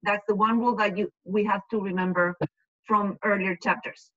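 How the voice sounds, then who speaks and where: A Spanish-speaking woman teaching an online class, explaining slowly and patiently and checking often that students follow. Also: mid-range voice, fairly even intonation, pushed and bright. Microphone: video call. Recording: dull lo-fi video call audio.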